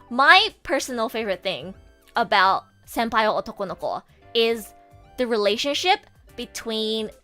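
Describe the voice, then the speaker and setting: A woman streamer chatting casually and excitedly, with lots of fillers and swings into near-tearful gushing. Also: a little high. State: emotional, near tears at times. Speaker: VTuber streamer. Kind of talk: casual livestream chat.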